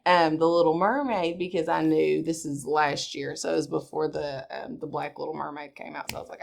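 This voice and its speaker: A woman with a low, gravelly voice telling a chatty story. She drops in quick asides as she goes. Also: steady tone, slight background noise. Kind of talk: casual storytelling.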